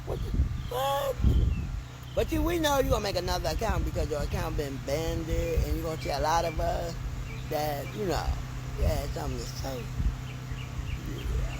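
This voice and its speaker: A woman's voice: sits low, expressive, normal speed, long pauses. A woman talking emphatically to her viewers in a casual reaction vlog, recorded on a phone as she walks outdoors by a road. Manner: talkative, emphatic, addressing viewers directly. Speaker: vlogger. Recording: loud outdoor noise, passing vehicles. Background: loud traffic and outdoor noise.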